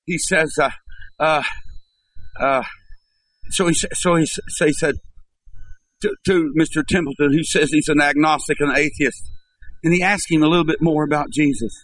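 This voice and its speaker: A man preaching a sermon in church, telling a story and then building to impassioned, shouted appeals to the congregation. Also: fairly high pitch, steady tone, moderate pace, long pauses, poor audio.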